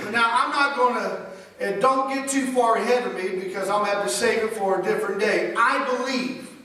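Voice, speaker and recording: A man's voice: very high-pitched, sharp tone. A man preaching a sermon as pastor, emphatic and repetitive in his phrasing. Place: church sanctuary. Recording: echoey hall from far off.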